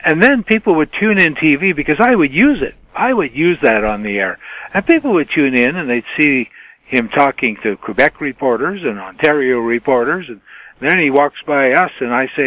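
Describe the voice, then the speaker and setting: A man's voice: on the high side, moderate pace, no echo, rough recording. Older man telling reporter anecdotes. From Canada. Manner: animated anecdotes with many fillers, mimics his own shouted questions. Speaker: retired TV journalist, guest. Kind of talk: storytelling in a podcast interview. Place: home den.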